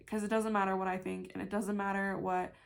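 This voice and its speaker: Young woman with a vocal-fry tarot chat. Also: medium pitch, level tone, brisk. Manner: chatty and emphatic, heavy "like" fillers, casual swearing. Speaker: tarot card reader. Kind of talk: casual pick-a-card reading.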